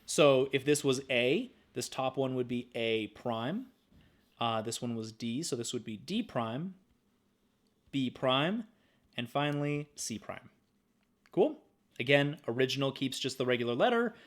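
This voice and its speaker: Playful, lively-voiced male math teacher. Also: fairly high pitch. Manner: upbeat, playful, hums and says "boop" while working. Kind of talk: screen-recorded math lesson.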